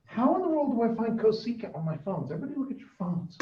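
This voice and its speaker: A man's voice: high voice, very animated, fast talker. A man teaching a math class, quizzing his students with questions as he explains. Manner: questioning, coaxing students for answers. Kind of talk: classroom lesson. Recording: echoey, distant, dull classroom recording.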